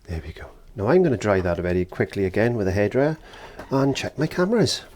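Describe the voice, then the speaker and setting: A man teaching a painting lesson, gentle and encouraging, sometimes dropping into whispered asides, indoors in a studio. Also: on the low side, big pitch swings, a little fast, a little hiss or hum. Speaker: art teacher. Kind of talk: painting tutorial.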